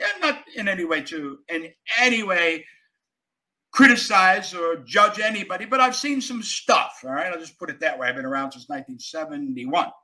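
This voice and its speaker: Older male character actor as guest, bright and forceful, lively storyteller. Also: high-pitched, rough recording. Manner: animated storyteller, emphatic, jumps between loud and quiet. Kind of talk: casual interview chat.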